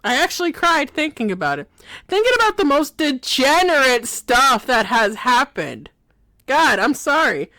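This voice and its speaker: A woman's voice: high-pitched, big pitch swings, normal speed, pushed and bright, no echo. A woman talking in a rambling comic monologue, constantly laughing through her words and apologizing. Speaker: video creator.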